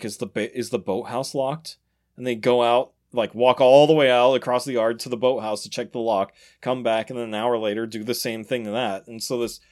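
A man hosting a podcast, casually telling a story and laughing often as he goes. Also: medium pitch. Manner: laughs often, animated retelling with acted quotes. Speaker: podcast host.

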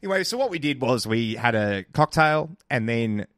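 A man's voice: mid-range voice, moderate pace, no room sound, studio quality. Young man telling a story. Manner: animated anecdote teller, builds suspense. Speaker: podcast co-host. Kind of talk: casual chat, storytelling.

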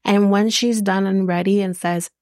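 A woman's voice: mid-range voice, steady tone, normal speed, a little mellow, no echo, clean studio sound. A woman hosting a podcast, recapping a reality show in a casual, sarcastic, blunt way with plenty of swearing. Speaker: podcast host.

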